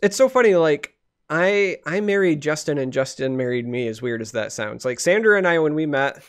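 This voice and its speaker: A man co-hosting a casual podcast chat, rambling and animated, with lots of restarts. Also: fairly high pitch, moderate pace, smooth. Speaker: podcast co-host.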